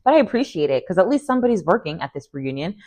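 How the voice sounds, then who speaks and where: A young woman giving an opinionated, chatty recap of a reality show, often quoting the cast in lively voices. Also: on the low side, very fast. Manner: chatty, opinionated, quotes people in animated voices. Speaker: recap vlogger. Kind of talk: casual recap commentary.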